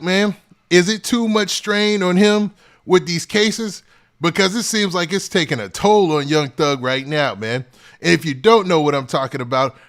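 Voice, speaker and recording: Man, livestream host, relaxed casual delivery, slightly high voice, keeps tossing in "man". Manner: laid-back, repeats "man" and "what's up" often. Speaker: host of a hip-hop news livestream. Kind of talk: casual livestream shout-outs.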